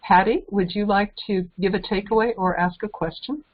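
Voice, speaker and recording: A woman's voice: mid-range voice, steady tone, normal speed. A woman hosting an online group session, calling on participants and thanking them effusively. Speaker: host of a group call. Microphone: video call. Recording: slightly muffled call audio.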